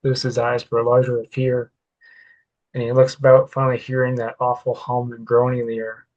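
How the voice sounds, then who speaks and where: A man's voice: medium pitch, monotone, brisk, darkish tone, dull audio. A man reading his own work-in-progress story aloud in first person, plainly, with occasional stumbles and self-corrections.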